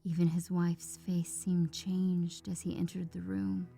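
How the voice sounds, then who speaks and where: A woman narrating a classic horror story in a hushed voice that often drops to a whisper. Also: on the low side, little pitch movement, a little slow, creaky. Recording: faint background music.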